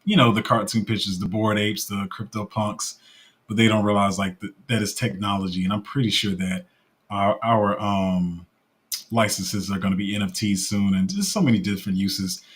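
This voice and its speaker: A man's voice: on the low side, steady tone, normal speed. A man hosting a casual livestream chat, rambling and emotional, laughing easily. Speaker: crypto livestream host.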